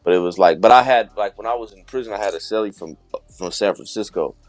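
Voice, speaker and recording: A man's voice: fairly low pitch, fast talker, no room sound. A man co-hosting a podcast, telling stories in casual chat. He acts out quoted dialogue and laughs often. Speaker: podcast co-host.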